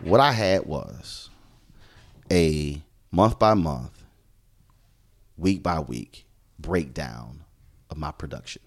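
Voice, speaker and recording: A middle-aged man, a journalist from Houston, telling stories from his career in an emphatic conversational way and acting out the dialogue he quotes. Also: extremely low pitch. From Houston, Texas. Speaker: journalist and show host, podcast guest. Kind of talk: conversational storytelling.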